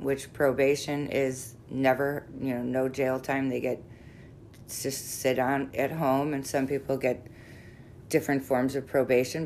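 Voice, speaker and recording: A woman's voice: very deep voice, a little mellow, slight background noise. A middle-aged woman therapist speaking frankly and bluntly in a conversational interview, laughing easily and swearing now and then. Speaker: therapist working with sex offenders.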